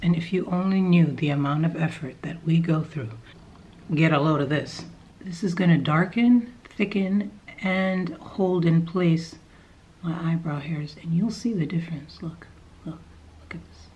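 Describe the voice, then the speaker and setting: A woman's voice: sits low, unhurried, darkish tone, lo-fi sound. A young woman hosting a joking makeup tutorial vlog, playful and often dropping into whispered asides, now and then slipping into a mock accent. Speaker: beauty vlogger.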